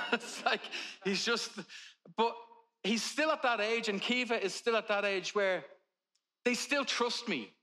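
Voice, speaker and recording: A man in his forties preaching from the pulpit, with a high and bright voice. He talks to the congregation in a loose, chatty way and drifts into funny stories about his children. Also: slow, long pauses. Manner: conversational preaching with humorous family anecdotes. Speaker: pastor. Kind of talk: sermon.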